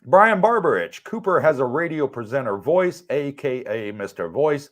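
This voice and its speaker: A man's voice: medium pitch, normal speed. An American man co-hosting a casual livestream from his condo in Thailand, chatting easily and reading out viewer questions with frequent light laughs. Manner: relaxed, chatty, easy laughs. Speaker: livestream co-host.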